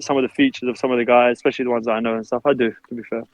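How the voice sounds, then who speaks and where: Casual male podcast guest, quick chatty talk, dull dry call audio. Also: medium pitch, flat delivery, a little hiss or hum. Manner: chatty, laughing, acts out family quotes. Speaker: podcast guest, basketball player. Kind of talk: casual interview chat.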